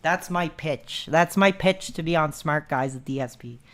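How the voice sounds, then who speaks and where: A man's voice: on the high side, normal speed, fairly bright tone. A man chatting casually on a live stream, rambling with lots of fillers and restarts.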